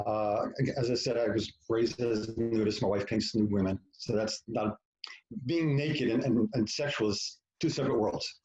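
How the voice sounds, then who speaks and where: A man's voice: lowish voice, fairly even intonation, moderate pace, a little mellow, roomy sound, muffled recording, slight background noise. A man talking as a podcast guest, telling a personal story frankly and with profanity, acting out what people said and poking fun at himself. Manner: frank, profane, self-mocking, acts out quoted lines. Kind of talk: candid storytelling in conversation.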